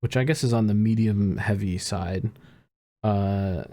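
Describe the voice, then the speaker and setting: A man co-hosting a podcast in casual chat, ranting and swearing with lively energy. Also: lowish voice, measured pace. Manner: ranting, profane, animated. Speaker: podcast co-host.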